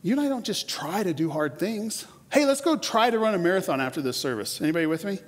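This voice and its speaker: A man in his forties preaching a sermon in a church, conversational and animated, often repeating words as he starts a sentence. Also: high-pitched, quick pace. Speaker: pastor. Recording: long hall reverb.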